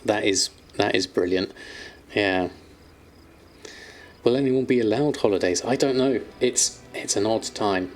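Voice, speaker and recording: A man's voice: lowish voice, measured pace, long pauses. A man chatting on a live stream, reading viewer questions aloud and answering them with plenty of ums and fillers. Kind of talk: casual live-stream chat.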